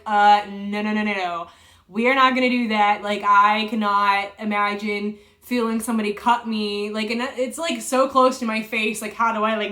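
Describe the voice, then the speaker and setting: A woman's voice: mid-range voice, sharp tone. A young woman telling a personal story to camera in a chatty, casual way, full of fillers and retold dialogue. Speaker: vlogger.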